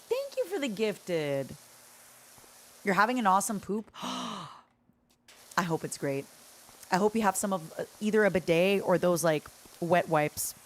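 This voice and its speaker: Young woman streamer just chatting, giggly and all over the place, normal mid voice. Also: medium pitch. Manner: rambling, giggly, excitable storytelling. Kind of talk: casual chat with viewers.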